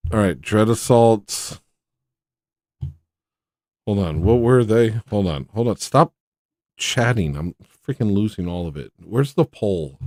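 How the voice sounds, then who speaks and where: A man's voice: fairly low pitch, lively intonation, takes it slowly, long pauses, darkish tone, no echo, clean studio sound. A man hosting a livestream, chatting casually with viewers in an exasperated, incredulous, mock-outraged way. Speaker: livestream host.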